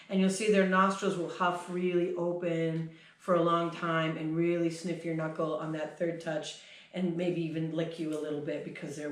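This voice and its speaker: Woman teaching in an echoey hall. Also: deep voice. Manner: demonstrates breath sounds, sighs and huffs, chatty. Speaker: horse trainer teaching a clinic. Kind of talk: explaining at a workshop. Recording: echoey hall, mic far off.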